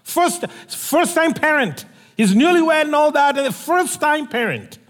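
Guy preaching, high lively voice, big echoey hall. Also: unhurried. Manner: animated storytelling, acts out dialogue. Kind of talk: sermon.

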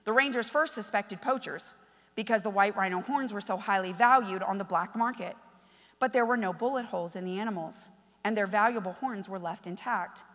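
A woman preacher delivering an impassioned sermon in a church, swinging between hushed asides and shouted exhortation. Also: mid-range voice, fairly quick, in a large hall.

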